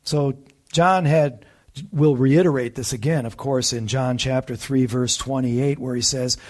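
A man's voice: medium pitch, steady tone, unhurried, a little mellow. A man preaching a conversational sermon, teaching a Bible passage with emphasis and rhetorical asides to the listeners.

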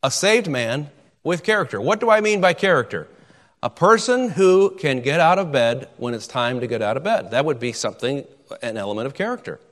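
A man's voice: medium pitch, very animated, fairly quick, a bit bright, big-room sound. A man preaching a sermon, emphatic and repeating words as he drives his points home.

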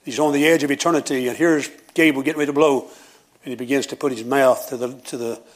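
A man preaching a sermon as pastor, with a Southern preacher cadence, rising at times into loud shouting praise. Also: steady tone, quick pace. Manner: builds to high, shouting preaching.

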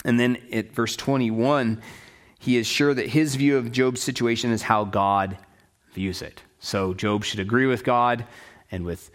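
A man's voice: medium pitch, steady tone, unhurried. A man teaching a Bible study lecture in a conversational way, paraphrasing the text plainly and often checking in with his listeners. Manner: conversational, checks in with "right?" and "okay?"; explains in plain paraphrase with restarts.

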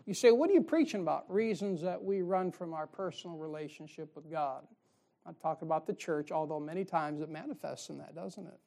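A man's voice: a little high, steady tone, brisk, gravelly, mellow. A male pastor preaching a sermon in a folksy way, firing rhetorical questions at his congregation.

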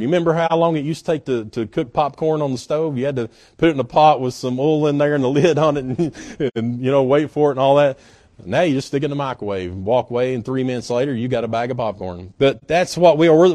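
A man preaching a sermon as guest pastor, in a folksy, conversational way that swings between emphatic peaks and quiet, drawn-out asides. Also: on the high side, no room sound, clean studio sound.

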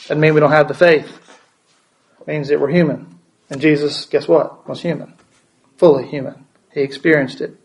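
Male pastor, slightly high-pitched, preaches with questions and repetition. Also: steady tone, moderate pace, pauses often, poor audio. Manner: asks the congregation questions, repeats words for emphasis. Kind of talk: sermon.

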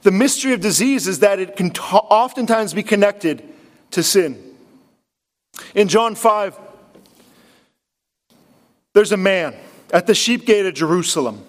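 A man, a pastor, preaching a sermon with earnest, emphatic delivery, repeating key phrases and dropping to a low, hushed voice when quoting. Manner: drops to a low, hushed voice to quote Jesus.

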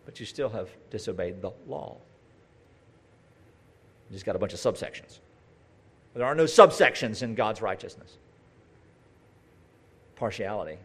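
A man's voice: on the low side, expressive, unhurried, long pauses, a bit bright, slightly rough. A man preaching a conversational sermon, talking straight to his listeners with asides and rhetorical questions.

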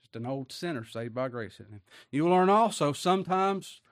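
A man's voice: on the high side, expressive, moderate pace, no echo, studio quality. A man preaching a sermon in a folksy, colloquial way, often tagging rhetorical questions onto his points.

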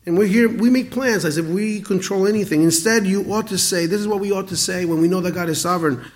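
A man in his forties delivers a sermon in a fairly high voice. He is earnest and often stammers through restarts before landing his point, rising loud, then dropping quiet. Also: fast. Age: 40s. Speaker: pastor.

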